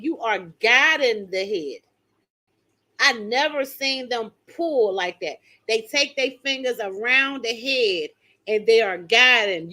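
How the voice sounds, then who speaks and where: A woman's voice: a little high, sharp tone. An older woman hosting a casual live stream, talking emphatically and straight to her viewers as she reads and answers their comments. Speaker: channel host reading viewer comments.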